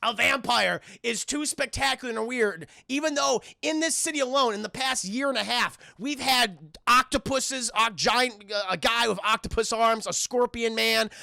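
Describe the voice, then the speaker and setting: Male streamer, sharp bright tone, gravelly, chatty and profane. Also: very high-pitched, no room sound, clean studio sound. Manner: profane, animated, talks to chat. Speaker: streamer reviewing a cartoon. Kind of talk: casual live-stream recap.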